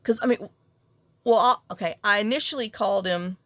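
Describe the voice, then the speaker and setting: A woman's voice: mid-range voice, a little fast, fairly bright tone, no room sound, clean studio sound. A middle-aged woman, rambling and self-deprecating as she tells a story while crafting at home. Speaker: crafting vlogger.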